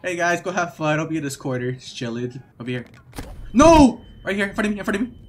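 Young man, high bright voice, lively pitch, excitable gamer chat, shouted callouts, faint background noise. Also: fast. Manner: loud, excitable, shouts callouts and laughs often. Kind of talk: excited multiplayer game chat.

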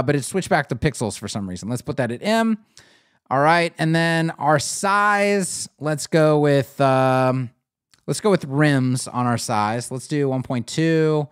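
A man's voice: a little high, smooth, dry recording, clean studio sound. A man hosting a live web design show, thinking aloud in a blunt, opinionated way as he clicks through a builder on screen. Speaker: web design livestream host. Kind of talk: live screen-share tutorial and critique.

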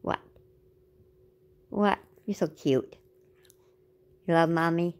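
Slow gravelly woman cooing to her pet. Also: lowish voice. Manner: repetitive, sing-song cooing. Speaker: pet owner. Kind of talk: doting talk to her pet.

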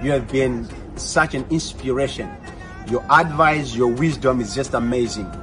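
A man giving an excited, affectionate birthday greeting. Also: medium pitch, normal speed, faint music behind.

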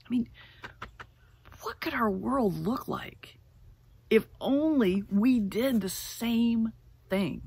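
A middle-aged woman pastor giving a sermon, telling a folk tale in an animated way and slowing down to stress key words. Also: on the high side, creaky, slightly rough. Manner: animated storyteller, slows for emphasis. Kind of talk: sermon with storytelling. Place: church sanctuary.

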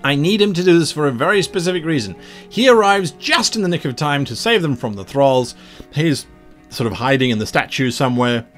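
A man's voice: fairly high pitch, animated, fairly quick, faint music behind. A man, a game master, explaining how he designed a tabletop adventure, rambling with many asides.

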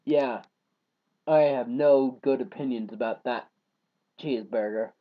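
A man rambling casually to his viewers in a vlog, trailing off into low mumbles and then bursting into loud rants. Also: a little slow, pauses often. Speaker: vlogger. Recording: dull lo-fi home recording.

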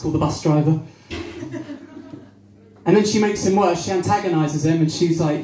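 During his stand-up set in a small cafe-bar, this young Devon comedian talks with the audience and acts out voices. He has a slightly high, dark-toned voice, a moderate pace, and frequent pauses, and the roomy space carries faint crowd noise.

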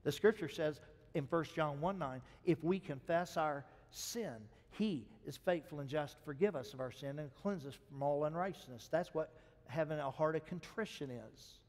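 A male pastor preaching a sermon, moving between quiet storytelling and loud, urgent exhortation and asking the congregation questions. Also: on the high side, moderate pace. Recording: long hall reverb.

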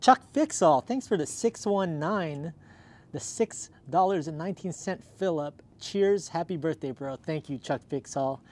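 A man's voice: on the high side, lively intonation, a little slow, darkish tone. A man hosting a casual livestream, upbeat and chatty, thanking viewers by name, a little out of breath. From Southern California. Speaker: livestream host. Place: outdoors in cold weather.

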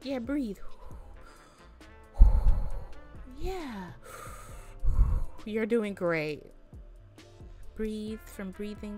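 A woman giving expressive, chatty game commentary, full of casual slang, quick exclamations and laughter. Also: medium pitch. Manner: casual slang-heavy talk. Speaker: gaming content creator. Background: faint background music.

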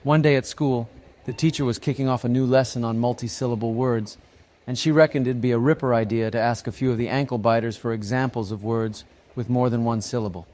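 A man narrating dirty jokes in a brisk, slangy storytelling manner. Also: medium pitch, steady tone, darkish tone, slight background noise. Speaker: joke narrator. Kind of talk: scripted joke narration.

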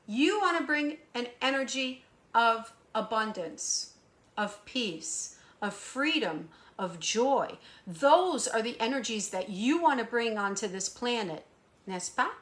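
Slow and animated, with a slightly high voice, this woman delivers a spiritual guidance monologue as a hypnotherapist and intuitive channeler. Her emphatic preaching leans on rhetorical questions, alternating between quiet asides and stressed, raised points.

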